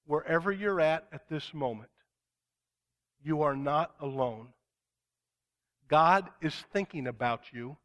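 A pastor preaching a sermon in an earnest, emphatic way, slowing down to stress key words. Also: male voice, a little high, a bit bright.

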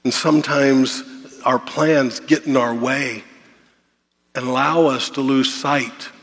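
A man's voice: medium pitch, fairly even intonation, slow, fairly bright tone. A man preaching a sermon as a pastor, asking rhetorical questions, repeating key words and acting out the worries of his listeners. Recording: long hall reverb.

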